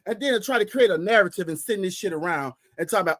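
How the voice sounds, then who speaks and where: A man's voice: high voice, quick pace. A man co-hosting a podcast in casual chat, ranting heatedly and profanely with emphatic repetition. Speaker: podcast co-host.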